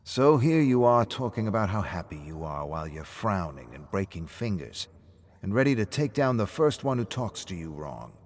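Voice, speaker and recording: A man's voice: on the low side, very animated, normal speed. A man voicing a blunt, caring pub owner who talks steadily and probes his friend.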